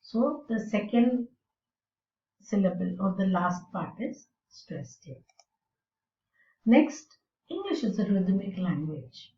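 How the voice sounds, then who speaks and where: A woman teaching English in a slow, deliberate lecture, explaining with fillers. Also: medium pitch, sing-song, mellow. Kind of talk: recorded lecture. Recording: roomy and distant, dull sound.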